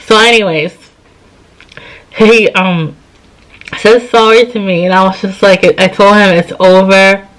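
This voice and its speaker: A woman in her thirties tells a personal story in a relaxed, chatty way. She sounds tired and acts out what each person said. Her voice sits at an ordinary middle pitch. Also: measured pace, pauses often, rough recording. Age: 30s. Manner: chatty, retells scenes with quoted dialogue. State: tired, yawning. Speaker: vlogger. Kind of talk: casual storytime.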